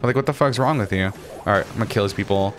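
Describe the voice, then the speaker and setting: A man's voice: on the low side, racing, faint music behind. A young man giving live gameplay commentary, frustrated and swearing constantly as he rants at his teammates. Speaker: gaming channel host.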